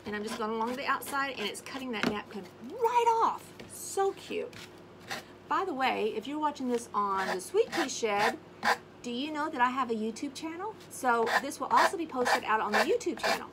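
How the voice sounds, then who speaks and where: Brief: a woman host of a casual crafting video, slightly high pitched, chatty and sing-songy, with audible background noise. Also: very animated, moderate pace. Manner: chatty, sings little scat tunes while working. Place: home craft space on an acreage.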